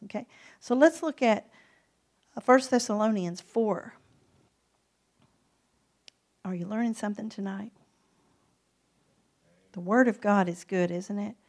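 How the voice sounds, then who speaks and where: A woman's voice: mid-range voice, darkish tone. Emphatic woman preaching a sermon. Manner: emphatic, asks the listeners rhetorical questions; slows down to read verses aloud. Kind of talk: sermon teaching on scripture.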